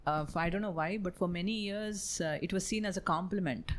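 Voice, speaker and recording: A woman's voice: fairly low pitch, a little fast, a little hiss or hum. A woman, answering on a panel in a conversational way and often adding 'right?'. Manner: conversational, tag questions with 'right?'. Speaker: corporate panelist. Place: panel discussion event.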